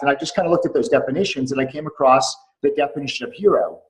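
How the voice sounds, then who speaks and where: A man's voice: on the high side, fast, hardly any pauses, low-quality recording. A middle-aged man on a remote call, telling a personal story earnestly as a podcast guest, repeating phrases for weight. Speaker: podcast guest, clinic doctor.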